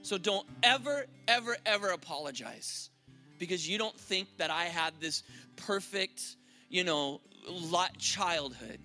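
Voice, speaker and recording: A man's voice: sits high, a little slow, bright, forceful tone, faint music behind. A man preaching a sermon at a church service, earnest and conversational, with frequent restarts and fillers. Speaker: pastor.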